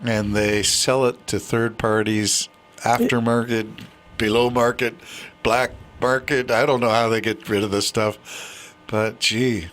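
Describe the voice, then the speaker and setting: A man's voice: mid-range voice, flat delivery, a little slow, fairly bright tone. A man co-hosting a podcast, tossing out quips and playful banter in a casual chat. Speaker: podcast co-host.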